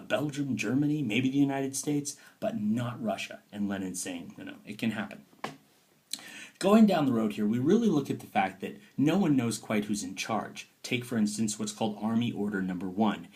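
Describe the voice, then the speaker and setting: A man teaching a recorded history lesson, lively and talky, now and then dropping to a playful whisper. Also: medium pitch. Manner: lively, dips into playful whispers and mock quotes.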